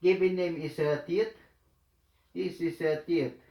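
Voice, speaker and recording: Slow, halting man with a high voice. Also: fairly even intonation, vocal fry, warm tone, reverberant. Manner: halting, many fillers, repeats each phrase. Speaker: language teacher. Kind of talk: slow instructional lesson.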